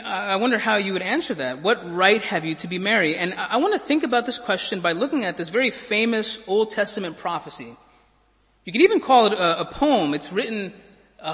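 A man's voice: high-pitched, a bit bright, long reverb tail. A man preaching a sermon as pastor, telling a story vividly and repeating words as he builds his points.

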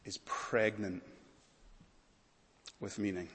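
A man's voice: lowish voice, flat delivery, slow pace, fairly bright tone, big-room sound, slight background noise. A man preaching a dramatic sermon in a church, questioning the congregation intently.

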